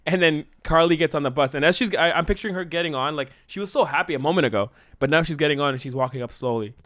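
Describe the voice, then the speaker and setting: A man brainstorming a story in casual chat, excitedly acting out the characters' lines. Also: a little high, quick pace. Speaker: co-host writing a musical.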